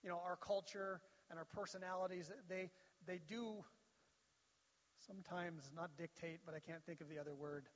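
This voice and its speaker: A man's voice: sits high, fairly even intonation, normal speed. A man preaching a sermon as pastor, in a plain conversational way. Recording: dull sound with long hall reverb.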